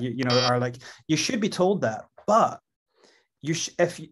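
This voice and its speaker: A man's voice: mid-range voice, animated, normal speed, background noise. A man with a Scottish accent, a guest in an interview, telling his story in a rambling way with many fillers and restarts. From Scotland.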